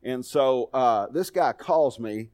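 A man's voice: mid-range voice, animated, slow, darkish tone. A middle-aged man preaching a sermon, telling folksy personal stories in a conversational way. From Texas. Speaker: pastor.

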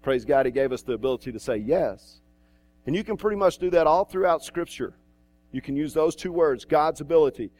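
A man's voice: on the high side, animated, a little fast, a little mellow. A male pastor preaching a sermon in a church, in a conversational way with asides and restarts.

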